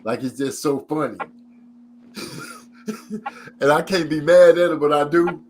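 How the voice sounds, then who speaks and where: A man's voice: unhurried, slight background noise. A middle-aged man telling funny stories in casual chat, his voice jumping up when he quotes people. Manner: animated storyteller, jumps high for quoted voices.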